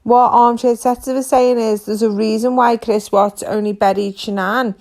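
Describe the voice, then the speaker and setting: A woman's voice: fairly high pitch, steady tone, moderate pace, a little mellow. Woman ranting on her podcast from the couch, exasperated, keeps asking rhetorical questions. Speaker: podcast host. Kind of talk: casual true-crime rant. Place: at home on a couch.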